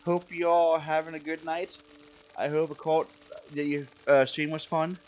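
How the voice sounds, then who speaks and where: A man's voice: fairly high pitch, little pitch movement, moderate pace. A man from Maryland chatting casually with his viewers while streaming a game, rambling and self-deprecating. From Maryland, USA. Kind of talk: casual live-stream chat while playing.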